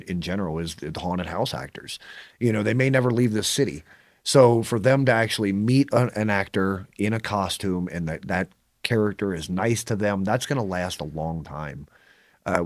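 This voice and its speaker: Laughing frequently, this male podcast co-host spins animated stories in a relaxed conversation. His voice sits low, and the studio-quality recording is dry.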